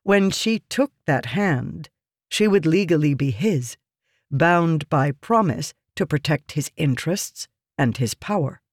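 A man narrating a fantasy audiobook in a measured, even reading, close to the mic. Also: a little high, no room sound.

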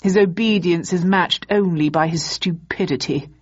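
A low, husky drawl for a smug male mastermind in a storybook reading, as a woman narrator puts him on. He savors every cruel word, slow and theatrical, and the audio is dull and muffled. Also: no echo. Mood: mocking. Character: suave, gleeful male master villain.

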